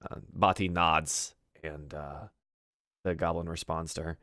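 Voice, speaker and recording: A deep-voiced man narrates a tabletop fantasy game as its game master. He rambles with fillers and restarts. The sound is dry and close. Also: fairly even intonation, measured pace, bright, forceful tone, no room sound.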